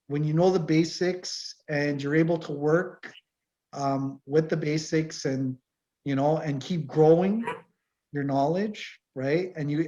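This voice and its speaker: Brief: middle-aged male mechanic-instructor, animated and storytelling, slightly high voice, dull call audio. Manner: animated, tells shop stories, acts out customers. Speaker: automotive course instructor and mechanic. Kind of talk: casual online info session. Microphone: video call.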